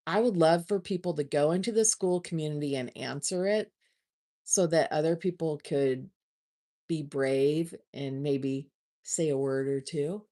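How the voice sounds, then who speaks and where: A woman hosting a casual livestream, chatting warmly with viewers and often restarting her words. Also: deep voice, unhurried. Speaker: livestream host.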